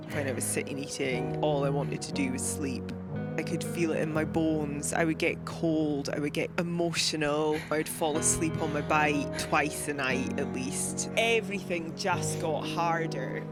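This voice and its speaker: A woman's voice: low voice, steady tone, unhurried, loud music behind the voice, poor audio. A Scottish woman, an endurance cyclist, speaking in a candid, chatty video diary and reflective narration, sometimes dropping to a whisper and laughing often. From Scotland.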